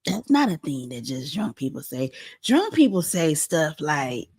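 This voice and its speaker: Low-voiced woman hosting pop-culture commentary. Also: measured pace, slightly rough. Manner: animated, opinionated, talks straight to viewers. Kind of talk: casual commentary on a clip.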